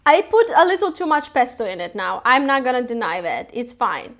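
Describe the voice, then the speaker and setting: A woman's voice: a little high, sing-song, fairly quick, fairly bright tone. A woman chatting casually and giggling often as she cooks live on a stream. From Italy. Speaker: cooking streamer. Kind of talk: casual live-stream chat while cooking. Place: home kitchen.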